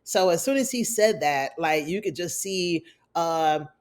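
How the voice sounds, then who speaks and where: A woman's voice: on the low side, lively intonation, measured pace. A woman hosting a casual TV episode recap, chatty and sassy, calling her viewers "y'all". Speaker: TV recap host.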